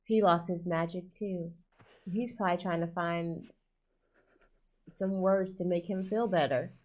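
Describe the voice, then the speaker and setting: A woman hosting a reaction video, expressive and exclaiming, talking back to the screen. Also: on the low side, measured pace. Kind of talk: casual reaction commentary.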